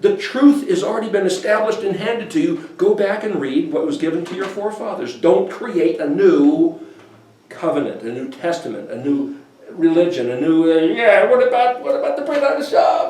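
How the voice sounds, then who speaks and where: A man giving an informal, animated scripture teaching, acting out quoted voices as he goes. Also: high voice. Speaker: bible teacher. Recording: echoey room, voice from a distance.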